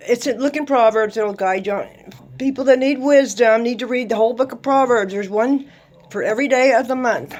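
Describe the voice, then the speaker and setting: Woman in her 60s, slightly high voice, jokey casual vlog talk, laughs a lot, blunt, sound effects. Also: darkish tone. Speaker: vlogger. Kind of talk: casual faith-talk monologue.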